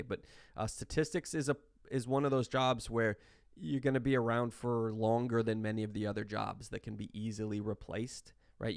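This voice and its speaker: A man's voice: mid-range voice, vocal fry, no room sound, studio quality. A man teaching a statistics class in a recorded online lecture, talking casually with lots of restarts and checking in with "right?". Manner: conversational, tag questions, frequent restarts. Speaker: statistics instructor.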